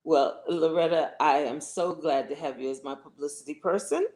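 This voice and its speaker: A woman's voice: low-pitched, normal speed. A woman from Washington, D.C., a writer and producer, speaking graciously in an interview. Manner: gracious, warm and laughing. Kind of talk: interview conversation.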